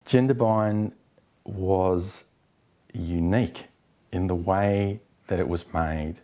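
A middle-aged New Zealand actor, being interviewed about his work, answers candidly and expressively in a low, deep voice. He speaks slowly and drifts into quoted exchanges along the way.

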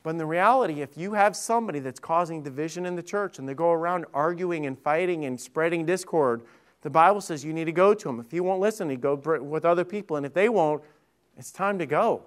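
High-voiced pastor preaching conversationally. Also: male voice, a little fast, clear, resonant tone. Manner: conversational preaching with frequent restarts and questions to the congregation. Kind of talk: sermon. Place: church sanctuary.

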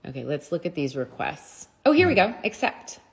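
A woman's voice: deep voice, sing-song, moderate pace, husky. A middle-aged woman hosting a casual livestream chat from her phone, bubbly and chatty, laughing often. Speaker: livestream host.

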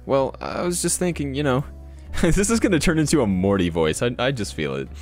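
A man's voice: mid-range voice, big pitch swings, fairly quick, soft background music. A young man casually commenting while reading a visual novel game aloud, swearing freely and laughing often. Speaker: gaming YouTuber.

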